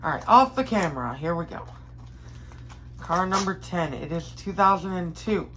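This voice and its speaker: Woman rambling excitedly while unboxing toy cars, lowish voice, bit of room hiss. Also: normal speed, low-quality recording. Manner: enthusiastic, chatty, rambling with fillers and self-corrections. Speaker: diecast collector vlogger. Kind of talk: casual unboxing chat. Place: bedroom.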